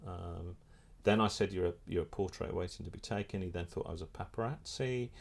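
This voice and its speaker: Animated man telling a story. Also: deep voice, brisk, gravelly. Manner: animated storyteller, many restarts. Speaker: photographer and filmmaker. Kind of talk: casual anecdote in an interview.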